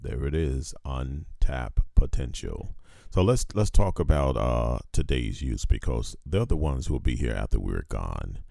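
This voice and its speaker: A man with an extremely deep, gravelly voice conducts an interview. He speaks slowly and with emphasis, his pitch rising and falling a lot. The sound is dry and close, with a dark tone. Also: expressive, no room sound. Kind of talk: conversational interview.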